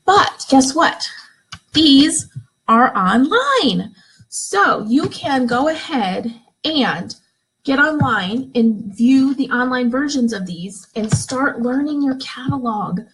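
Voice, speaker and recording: A woman with a high, husky voice speaks slowly while leading a live video training for new members of her direct sales team. She's upbeat and encouraging, talks straight to them, and acts out excited examples. It's a low-quality phone or webcam live stream.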